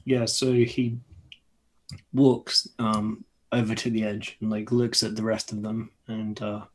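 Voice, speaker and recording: Husky-voiced man playing a tabletop game. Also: on the low side, flat delivery, measured pace, poor audio. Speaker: player.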